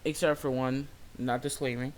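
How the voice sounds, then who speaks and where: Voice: medium pitch, moderate pace, a little hiss or hum. A young adult retail worker telling a story in a casual, exasperated rant full of swearing. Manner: profane, exasperated, lively.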